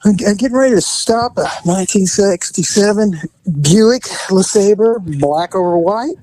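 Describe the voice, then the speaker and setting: A man who hosts a podcast and used to be a police officer, telling a story in casual chat, animated and profane, acting out the quotes. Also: high voice, unhurried, a little hiss or hum, poor audio.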